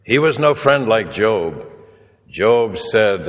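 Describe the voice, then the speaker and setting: A man's voice: fairly low pitch, big pitch swings, takes it slowly, lo-fi sound. A male preacher telling stories in a sermon, acting out the people he quotes. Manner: storytelling, acts out the people he quotes. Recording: reverberant hall.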